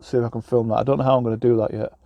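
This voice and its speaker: A man's voice: medium pitch, level tone, racing, dry recording, muffled recording. A man from England who drives trucks, chatting casually in a rambling, self-deprecating way with lots of fillers and restarts, recorded in his truck cab. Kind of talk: casual vlog chat.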